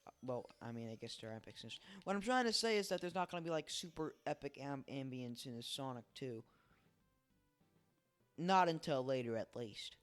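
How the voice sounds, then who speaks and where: Man, smooth clear voice, tired rambling game commentary, talks to himself, desk mic, faint game music behind. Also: medium pitch, expressive, normal speed. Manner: rambling, self-deprecating, talks to himself while playing. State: tired, early morning. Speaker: let's play host. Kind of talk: casual gameplay commentary. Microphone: desk microphone.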